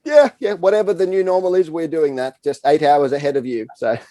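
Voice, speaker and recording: A man's voice: on the high side, fairly even intonation, brisk, warm tone. A man hosting a tongue-in-cheek awards segment from home over a video call, teasing and self-mocking with dry humor. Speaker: awards presenter.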